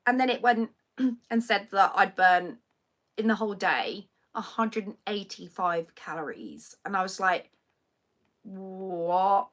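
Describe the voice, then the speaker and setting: A woman's voice: mid-range voice, sharp tone. A young woman, a singer hosting a live stream, chatting in a rambling, self-mocking way. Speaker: singer and livestream host. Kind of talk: casual chat to a live stream audience.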